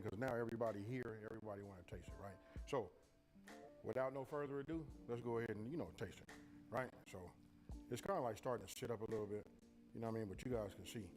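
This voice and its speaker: Fast-talking folksy home cook, music behind. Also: male voice, mid-range voice, rough recording. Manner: folksy, talkative, rapid. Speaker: home cook on a cooking channel. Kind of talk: cooking tutorial. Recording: music playing under voice.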